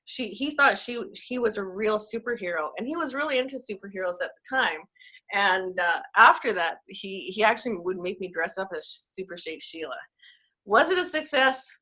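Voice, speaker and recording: Speaking at an ordinary speed, she has an animated, mid-range voice with a sharp edge. She's a Canadian network marketing coach telling chatty stories at her own expense during a casual video-call conversation.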